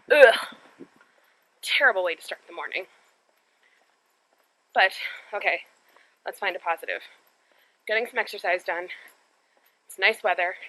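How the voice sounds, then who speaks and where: A woman's voice: medium pitch, pushed and bright, low-quality recording. A young woman chatting to her handheld camera while walking on residential streets, telling a frank, exasperated story in a casual vlog. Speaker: vlogger.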